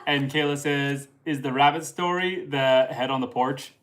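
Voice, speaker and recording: A man's voice: mid-range voice, moderate pace, a bit bright. A man from northern Canada hosting a casual homestead live stream and reading viewer comments aloud in an easygoing way. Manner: easygoing, reads out chat messages.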